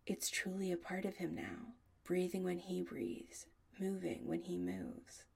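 A woman narrating an audiobook in a soft, often half-whispered delivery. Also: fairly low pitch, big pitch swings, measured pace, creaky, husky.

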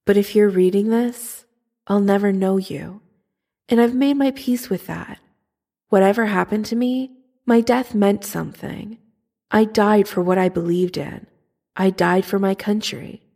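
A woman's voice: medium pitch, measured pace, vocal fry, warm tone. A woman voicing a young male soldier writing an earnest, yearning love letter, in a fan fiction audiobook reading. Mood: tender.

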